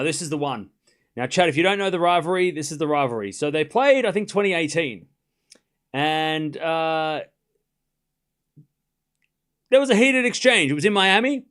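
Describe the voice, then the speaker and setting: A man's voice: on the high side, a bit bright. A young man hosting a live stream, chatting casually and rambling, often repeating himself. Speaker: host.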